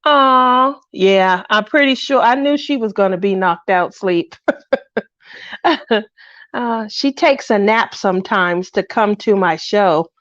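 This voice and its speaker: A middle-aged woman chats slowly on her craft livestream, low and lonely, rambling between thoughts and greeting viewers by name. Her voice sits at a medium pitch. It comes through a dry, slightly muffled home mic. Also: a bit bright, no echo. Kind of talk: casual livestream chat.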